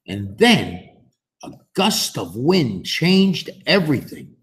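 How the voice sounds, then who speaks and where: A man reading a picture book aloud to children, expressive and pausing to ask questions. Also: mid-range voice. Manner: expressive, slow and animated, asks the listener questions. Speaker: storyteller.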